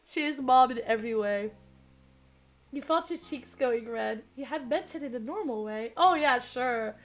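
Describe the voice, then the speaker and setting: A young woman in her twenties streaming herself reading a dating game aloud, giggly and excitable, her voice strained and cracking. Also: a little high, normal speed. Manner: giggly, excitable, chats with viewers.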